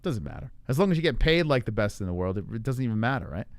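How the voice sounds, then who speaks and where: A man's voice: mid-range voice, sing-song, fast, dry recording. Profane, rambling man hosting a live MMA stream. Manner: loose, profane, rambling with frequent fillers. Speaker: livestream MMA show host. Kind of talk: casual live-stream chat reading viewer comments. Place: home in Arizona.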